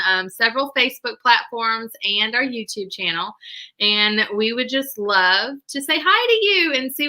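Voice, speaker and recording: A woman co-hosting a casual live-stream chat, laughing often and dropping to a hushed voice for stories. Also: high-pitched. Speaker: co-host.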